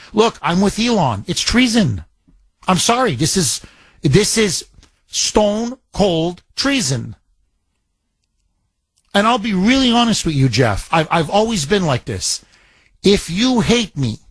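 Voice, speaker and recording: High-voiced man ranting on talk radio. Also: husky, dry recording. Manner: indignant, ranting, repeats and restarts phrases.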